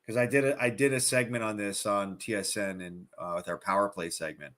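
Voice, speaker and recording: A man's voice: on the low side, steady tone, a little fast, a bit bright. A man who is a former pro hockey player, chatting as an analyst on a betting podcast, teasing and telling stories with animation. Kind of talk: casual sports betting banter.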